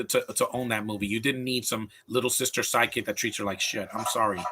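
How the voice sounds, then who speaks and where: A man's voice: on the low side, fairly even intonation, fast, noisy background. A man giving live commentary over a film, opinionated and rambling, often restarting his sentences as he rants.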